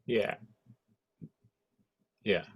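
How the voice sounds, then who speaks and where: A man's voice: drawn-out words, dry recording, clean studio sound. A man hosting a casual church ministry discussion on a video call, chatty with playful asides. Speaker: host of an online church ministry session. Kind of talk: casual chat.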